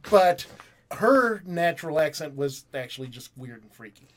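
A man with a fairly high voice leads a loose, jokey movie talk, swearing freely. He stays relaxed and wry while reading from the box. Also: moderate pace. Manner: joking, profane, reads aloud from a box. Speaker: podcast host. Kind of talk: casual movie review chat.

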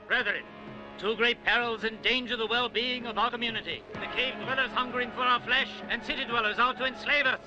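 A grandiose cult leader. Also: male voice, very high voice, steady tone, a little fast, dull audio. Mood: preaching. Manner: sermonizing, grandiose. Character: commanding male cult leader preaching to followers. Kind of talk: dubbed film acting. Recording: film soundtrack under loud music.

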